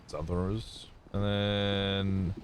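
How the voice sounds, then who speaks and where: Man, streamer, casual chat, rambling, swears a lot, lowish voice, faint background noise. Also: level tone, drawn-out words. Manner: rambling, swears freely, thinks aloud.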